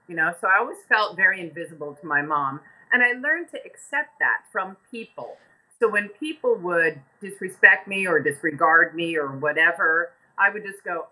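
An older American woman guests on a podcast and tells her stories with animated energy, slipping into the voices of the people she describes and laughing along the way. Her voice sits fairly low, but its tone is strikingly bright and forward. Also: normal speed, poor audio. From United States. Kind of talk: casual storytelling interview.

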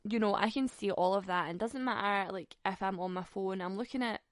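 A young Scottish woman telling a dating story on a podcast in a sweary, sarcastic, animated way. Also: mid-range voice, a little fast, dry recording, clean studio sound. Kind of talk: casual storytelling.

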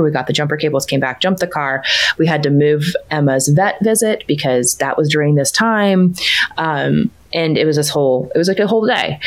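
A woman, a mother and coaching client, telling a personal story in a casual, chatty way, full of "like" and "you know", going livelier when she quotes her children. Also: low voice. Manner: chatty, lots of fillers like "like" and "you know", animated when quoting her kids.

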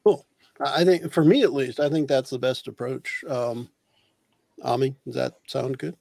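A man chats as a player in a tabletop role-playing game, weighing plans in a careful, somewhat hesitant way. His voice has a gravelly fry, and it sounds close and dry. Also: mid-range voice, fairly even intonation, moderate pace, darkish tone, no room sound. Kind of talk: casual chat in a tabletop game.

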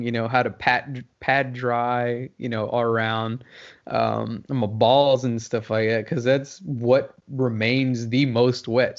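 A man tells a story in loose, easy chat, breaking into laughter and yelping out what he said at the time. His voice sits in a middling register. The audio is a little muffled and lo-fi. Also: medium pitch. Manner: animated, laughing, acts out shouted quotes. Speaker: podcast co-host.

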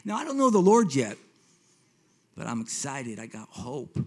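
A man in his fifties telling his personal faith testimony to a congregation, swinging between hushed reflection and excited retelling, often repeating himself. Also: mid-range voice, moderate pace. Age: 50s. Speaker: speaker giving a testimony.

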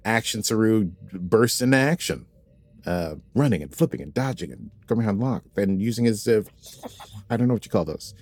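Man, very low voice, podcast co-host, casual chat, playful, rambling asides. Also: lively intonation, normal speed, darkish tone, husky, dry recording. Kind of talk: casual chat about a TV episode.

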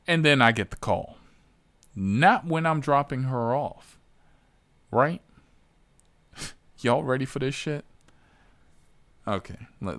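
A man, a rideshare driver, telling stories in a profane, animated, exasperated way. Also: medium pitch, slow, long pauses, no room sound. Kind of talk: casual storytelling.

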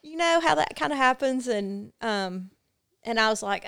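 A woman guest in a podcast interview, telling a personal story in an earnest, candid way with halting fillers. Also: on the high side, expressive, gravelly, a bit bright, clear, resonant tone.

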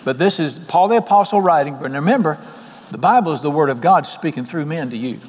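A man, preaching an evening sermon in a folksy, animated way and asking the congregation questions. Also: on the high side, fairly quick. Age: 60s. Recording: long hall reverb.

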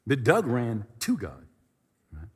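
A man preaching a storytelling sermon from a podium, animated and repetitive, moving between comic and earnest. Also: mid-range voice, slow, slightly rough. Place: church hall at a podium. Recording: reverberant hall.

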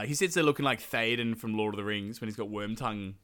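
A man's voice: fast talker, fairly bright tone, smooth. A man, casually retelling an old epic as a podcast host, swearing and laughing. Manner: sweary, laughing, bursts into high silly character voices. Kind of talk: casual comedic storytelling.

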